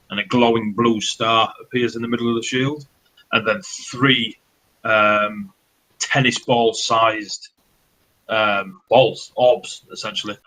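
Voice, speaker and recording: A man's voice: medium pitch, pushed and bright, husky, poor audio. A man narrating as dungeon master, loose and sweary, with many fillers. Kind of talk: narrating a tabletop game.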